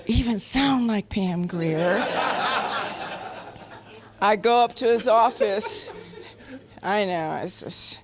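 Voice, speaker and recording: An older woman, a panel guest, telling a comic story and slipping into gruff male voices for the quotes. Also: mid-range voice, slow pace, long pauses, a crowd in the background. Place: convention panel room.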